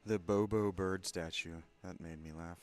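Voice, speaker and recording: A man casually commenting while playing a video game, soft-spoken and reflective. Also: sits low, fairly even intonation, moderate pace. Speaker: game streamer. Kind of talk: casual let's-play commentary.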